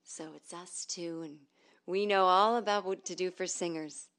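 A woman voicing a soft-spoken, condescending female voice coach who talks slowly and quietly. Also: lowish voice, steady tone, clean tone. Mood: patronizing. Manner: hushed, slow and patronizing.

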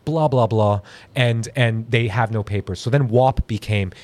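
A man's voice: medium pitch, measured pace, darkish tone. A man hosting a comedy podcast, rambling through crude jokes and stories with frequent giggles. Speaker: podcast host.

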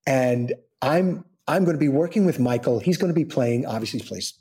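An older man, an actor telling a lively anecdote in a casual interview, acting out the people he quotes with sudden jumps into high pitch. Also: fairly quick. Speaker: actor guest.

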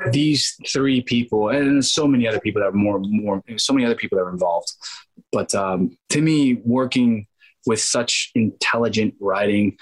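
A man in his thirties, an actor being interviewed, telling animated stories and acting out the people in them with many asides and restarts. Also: lowish voice, husky, rough recording. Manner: acts out quoted voices, many restarts and asides. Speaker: actor guest.

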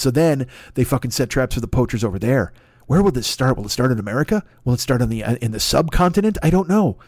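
A man's voice: medium pitch, animated, fast, darkish tone, no echo, clean studio sound. A man hosting a comedy podcast, riffing through a profane, rambling monologue and sliding into silly voices. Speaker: podcast host.

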